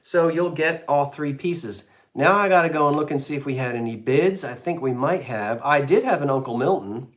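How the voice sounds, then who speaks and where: A man's voice: fairly high pitch, lively intonation, normal speed, hardly any pauses. A man selling antiques in a live online auction, describing each item in a chatty, rambling way with homey jokes and asides. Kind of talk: casual live sale presentation.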